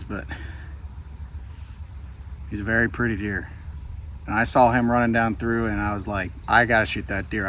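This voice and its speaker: A man speaking in a somewhat low voice, rambling excitedly to his camera as he hunts from a tree stand. He repeats himself often. Clear outdoor noise runs behind him on the camera audio. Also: poor audio. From Pennsylvania. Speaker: bowhunter filming his own hunt. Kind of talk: casual hunting vlog to camera.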